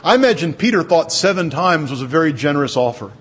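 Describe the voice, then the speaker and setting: Husky-voiced man preaching earnestly. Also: a little high, big pitch swings, fast talker, few pauses. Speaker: pastor. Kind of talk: sermon.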